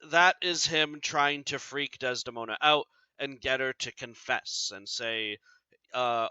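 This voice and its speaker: A man's voice: medium pitch, unhurried, pushed and bright, clean tone, no echo. A man teaching a literature lesson in an explanatory way, often checking in with "right?", recorded dry and slightly dull.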